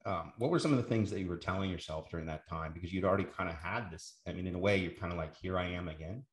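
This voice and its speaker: A man's voice: low-pitched, rapid-fire. A man hosting a podcast interview, asking probing questions and stumbling over the first words of each one. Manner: probing, stammers as he starts questions. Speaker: podcast host. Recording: roomy echo.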